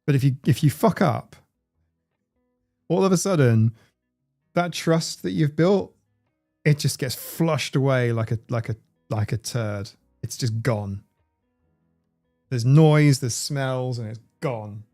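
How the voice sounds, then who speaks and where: Gravelly man rambling on a livestream. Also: medium pitch, takes it slowly, pauses often, mellow, soft background music. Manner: rambling, swears freely, reads chat aloud. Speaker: livestream host. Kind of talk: casual livestream chat.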